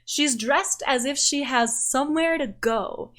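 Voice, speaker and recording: A woman's voice: sits high, unhurried, a bit bright. A woman game master narrating a tabletop game in a descriptive, storytelling way.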